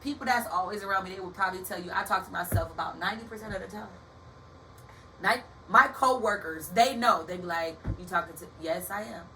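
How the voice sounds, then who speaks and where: Bright, lively young woman giving a pep talk. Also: medium pitch, a little fast, faint music behind. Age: young adult. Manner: animated, preachy, talks to listeners as baby and y'all. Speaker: podcast host. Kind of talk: casual motivational talk. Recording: distant from the mic with faint background hiss.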